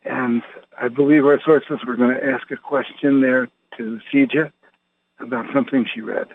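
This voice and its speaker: A man hosts a spiritual radio show and introduces the next question. His voice sits at a middle pitch and comes through a tinny phone line. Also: steady tone, normal speed, slight background noise. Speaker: host.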